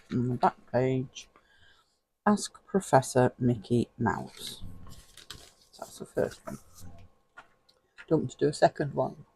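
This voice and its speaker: Flipping through pages, a laid-back vlogger chats straight to the viewer in a slow, mellow, low-key voice with a husky, gravelly texture, chuckling often. It's casual flip-through commentary, and the recording quality is low.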